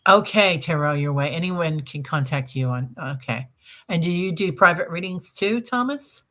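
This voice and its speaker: A woman's voice: deep voice, animated, moderate pace. A woman hosting a group meditation stream, chatting casually and reading out viewer comments, with many fillers and restarts. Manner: chatty, warm-hearted, reads viewer comments aloud; rambling with many fillers and self-corrections. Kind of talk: casual livestream sign-off chat.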